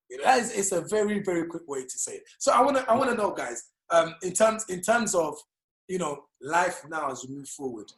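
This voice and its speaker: A Congolese man with a British accent hosting a comedic chat, animated and laughing, often repeating words. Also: a little high, reverberant. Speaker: host.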